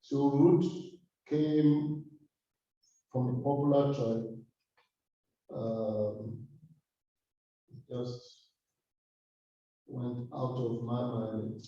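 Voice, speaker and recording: A man leads a Bible study in a church room, speaking slowly and hesitantly, often restarting his sentences. His voice is mellow and dark. It comes from far off the mic in a very echoey room, and the sound is dull. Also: mid-range voice, steady tone. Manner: hesitant, with many fillers and restarts. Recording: distant echoey muffled room recording.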